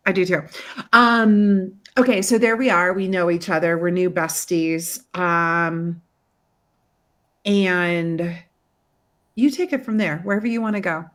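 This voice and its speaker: A woman hosting a podcast, chatting casually over a video call in an animated, gushing way, with the odd swear word. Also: lowish voice, unhurried. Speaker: podcast host. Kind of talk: casual chat.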